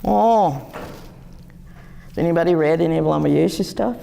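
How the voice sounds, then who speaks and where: Woman in her sixties, guest speaker, animated storytelling, low gravelly voice. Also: moderate pace, a little hiss or hum. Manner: lively, animated storytelling with wide pitch swings. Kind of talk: storytelling talk to a live audience.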